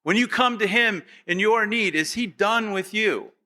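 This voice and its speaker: A man's voice: high-pitched, unhurried, pushed and bright. A male pastor preaching a sermon, asking the congregation rhetorical questions and acting out their voices. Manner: acts out quoted voices of the congregation; repetitive, rhetorical questions to the audience.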